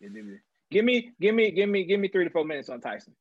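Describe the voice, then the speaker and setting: A man co-hosting a casual chat show, asking lots of questions in a lively way with halting restarts. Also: high voice, husky, no room sound, narrow, tinny audio. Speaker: podcast co-host.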